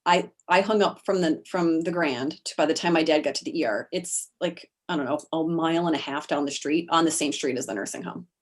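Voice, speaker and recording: Woman guest, low voice, halting delivery full of fillers, on a video call. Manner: halting, with many fillers and restarts. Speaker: interview guest. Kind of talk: personal account in an interview.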